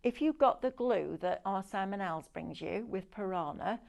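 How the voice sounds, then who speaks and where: Gravelly woman selling craft supplies. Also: medium pitch, animated, normal speed, a little mellow. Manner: chatty, enthusiastic, sales patter with demonstrations. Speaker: craft shopping presenter. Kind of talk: live shopping demo.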